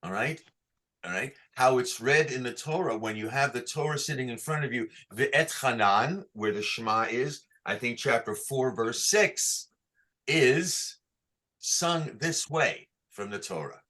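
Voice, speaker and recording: A man teaching a class on chanting, who asks patient questions and sings short phrases slowly to show how they go. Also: medium pitch, lively intonation, bright, forceful tone. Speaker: cantor teaching Torah chanting. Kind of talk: online class, chanting examples.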